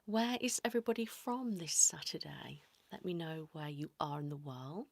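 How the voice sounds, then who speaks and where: A woman hosting a whispered ASMR livestream, greeting viewers by name in a soft whisper. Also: low voice, normal speed, vocal fry, no echo. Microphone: close sensitive mic.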